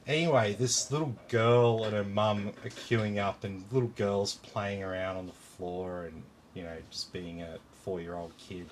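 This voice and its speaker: A man's voice: on the low side, fairly even intonation, normal speed, hardly any pauses, slight background noise. An Australian man chatting casually while building a PC, rambling through a story with lots of fillers and the odd swear word. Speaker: PC builder hosting a live stream. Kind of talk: casual chat while working.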